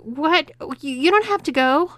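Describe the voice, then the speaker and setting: Indignant man protesting , read by a woman narrator; slow, smooth delivery. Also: mid-range voice, very animated, a bit bright, dry recording. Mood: alarmed. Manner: protesting, exclaiming. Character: indignant adult man, a captive husband.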